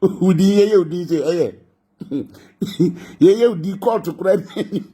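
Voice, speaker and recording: With a Ghanaian accent and a high, slightly rough voice, a man delivers mocking gossip commentary in a warm, unhurried tone. He laughs often between lines and mixes languages.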